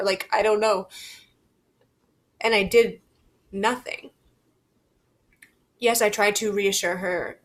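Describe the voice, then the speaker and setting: A young woman vlogging to camera, talking in a halting, reflective and candid way, swearing casually. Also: medium pitch, steady tone, fairly bright tone. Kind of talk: personal confessional vlog.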